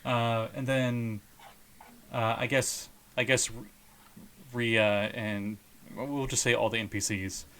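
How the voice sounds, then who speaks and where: A man narrating as game master of a tabletop game, relaxed and laughing often. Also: medium pitch, slow pace.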